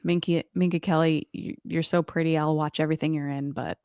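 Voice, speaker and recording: A woman's voice: low-pitched, steady tone, brisk, darkish tone, clear, resonant tone, no room sound, clean studio sound. A woman co-hosting a podcast in casual chat, talking with lots of "like" and playful quoted voices. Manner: chatty, says "like" a lot, quotes people in playful voices. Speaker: podcast co-host.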